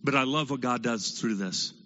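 A male pastor preaching a sermon, driving home points with rhetorical questions and dropping to a hush for emphasis. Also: mid-range voice, normal speed. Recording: dull lo-fi sound with long hall reverb.

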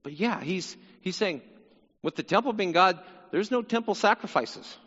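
A man's voice: high voice, lively intonation, normal speed, a bit bright, in a large hall, dull audio. A man teaching through a psalm in sermon style, earnest, repeating phrases and voicing the psalmist's cry. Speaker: Bible teacher.

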